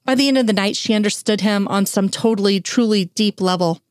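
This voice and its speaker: A woman's voice: medium pitch, fairly quick, dry recording, clean studio sound. A woman narrating an audiobook in a wry, lightly humorous storytelling manner.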